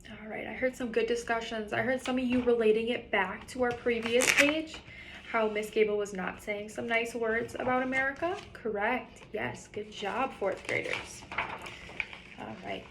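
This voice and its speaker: Female teacher, fairly high voice, reading a story aloud to young pupils with pauses for questions; light background hiss. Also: animated. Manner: reads a story aloud to children, pausing to ask questions. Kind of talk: classroom read-aloud lesson.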